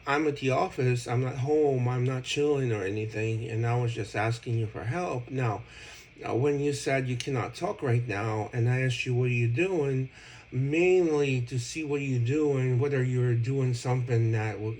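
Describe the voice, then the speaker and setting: A man's voice: medium pitch, a little mellow, slight background noise, low-quality recording. A man speaking casually to an old friend, explaining himself at length with many fillers and restarts.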